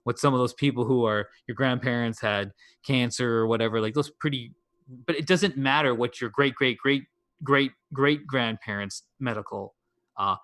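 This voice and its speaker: A man's voice: mid-range voice, normal speed, a bit bright, no room sound. A man chatting loosely on a podcast, his mid-range voice sitting close and dry with no room around it. He circles his points, doubling back and rephrasing as he thinks aloud. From Canada. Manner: meandering, thinks aloud with frequent restarts. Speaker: podcast co-host. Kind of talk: casual chat.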